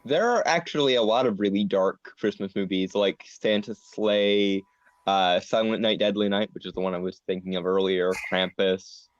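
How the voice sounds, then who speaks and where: Low-voiced man chatting on a podcast. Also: moderate pace, no room sound. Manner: stammering restarts, playful mock villain laugh. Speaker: podcast co-host. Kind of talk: casual chat. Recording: dry, dull lo-fi audio.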